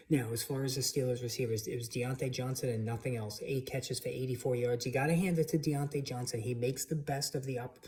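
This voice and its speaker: A man's voice: medium pitch, darkish tone. A man hosting his own channel, giving casual opinionated fantasy football commentary alone at his computer, with plenty of restarts. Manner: opinionated, frequent restarts and fillers. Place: home computer setup.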